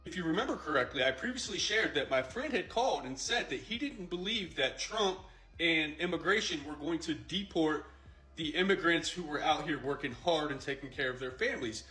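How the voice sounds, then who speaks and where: A man presenting a commentary segment in a steady, explanatory way. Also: on the high side, a little fast. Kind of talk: scripted commentary. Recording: roomy echo.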